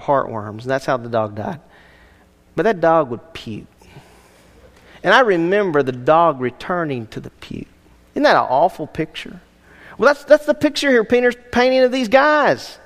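A man's voice: high voice, fairly bright tone, long reverb tail. A man preaching as a senior pastor, teaching a sermon in a conversational way with jokes and rhetorical questions.

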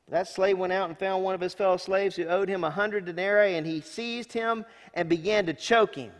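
Folksy preacher man, booming then hushed. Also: steady tone, normal speed, few pauses. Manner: folksy, emphatic, swings between loud and hushed. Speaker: senior pastor. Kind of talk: sermon with scripture reading. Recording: long hall reverb.

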